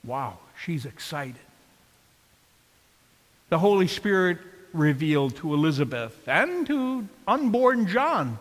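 Male pastor, sermon delivery, unhurried, emphatic and questioning, reverberant church hall. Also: fairly high pitch, fairly bright tone.

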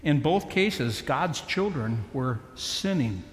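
A man preaching a sermon, slow and emphatic with dramatic pauses. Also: medium pitch, animated, slight background noise. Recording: echoey hall with long reverb.

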